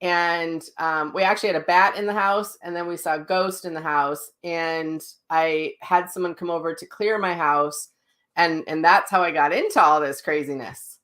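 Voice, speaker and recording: A woman's voice: low-pitched, normal speed. A woman teaching a live online class as a psychic medium, who tells stories animatedly, laughs often and answers viewer comments, speaking into a livestream mic at home. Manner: chatty, animated, laughs while telling stories. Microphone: livestream mic, sound sometimes cutting out.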